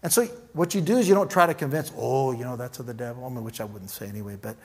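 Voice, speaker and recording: A man preaching in a casual, animated storytelling way, acting out quoted dialogue. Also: medium pitch, quick pace, slightly rough. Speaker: pastor. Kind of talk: sermon storytelling.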